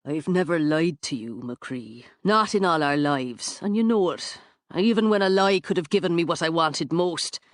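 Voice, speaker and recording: A woman narrator voicing a charming horseman, calm and teasing, with a low, slow, smooth way of speaking. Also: no room sound, clean studio sound, natural voice. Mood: wounded.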